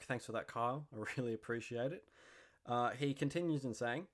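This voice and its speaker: A young man hosting a podcast, chatting casually in an excitable, slangy and jokey way. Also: mid-range voice, a little fast. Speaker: podcast host.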